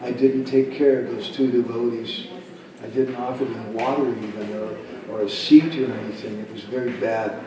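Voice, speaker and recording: Sorrowful wealthy disciple, as a speaker puts him on, lowered and quiet, far from mic. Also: male voice, steady tone, normal speed, very echoey, a crowd in the background, natural voice. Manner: sorrowful, apologetic. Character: tearful wealthy male disciple, apologizing.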